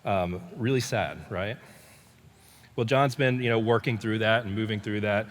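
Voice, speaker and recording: A man's voice: on the low side, steady tone, normal speed. An older man preaching a sermon as pastor, telling stories conversationally with frequent restarts and fillers. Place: church sanctuary. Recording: long hall reverb.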